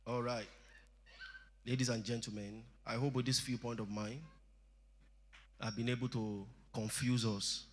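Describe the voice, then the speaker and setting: A man's voice: medium pitch, flat delivery, unhurried, pauses often, slight background noise. A man in his forties with a Nigerian English accent, a pastor talking plainly to a church youth meeting with local slang. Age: 40s. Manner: conversational preaching with local slang.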